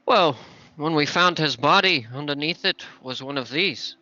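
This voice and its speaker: A man's voice: fairly high pitch, normal speed, pushed and bright, dry recording. A man playing a tabletop game, speaking bluntly in and out of character. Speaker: player. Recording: slightly muffled, dry audio.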